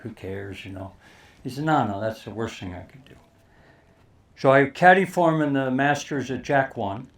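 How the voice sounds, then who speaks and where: Animated older man telling a story. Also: mid-range voice. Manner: animated storyteller, acts out quotes. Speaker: speaker telling a caddie story. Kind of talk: storytelling talk to an audience.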